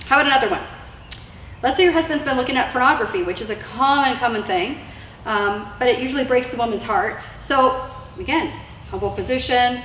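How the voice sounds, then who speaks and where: Woman, fairly high voice, chatty marriage advice talk, echoey room, distant mic, faint hiss. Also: fairly quick, fairly bright tone. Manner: chatty and earnest, many fillers and repeated words. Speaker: marriage advice speaker for wives. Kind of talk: casual instructional talk.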